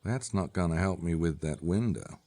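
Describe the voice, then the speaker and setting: Gabriel Knight, a low, laconic detective. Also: male voice, moderate pace, warm tone. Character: gruff adult male detective hero. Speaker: game character. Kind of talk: recorded game dialogue.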